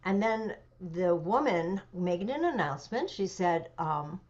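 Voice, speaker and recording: A woman in her seventies, an interview guest telling a personal story with animation, pauses and fillers. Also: on the low side, lively intonation, darkish tone. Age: 70s. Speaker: interview guest, memoir author. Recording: dull lo-fi audio.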